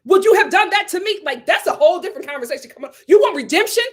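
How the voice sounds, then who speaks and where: A young adult woman, hosting a casual live-stream commentary and ranting in a sassy, animated way with laughs. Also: extremely high pitch, rapid-fire. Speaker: host.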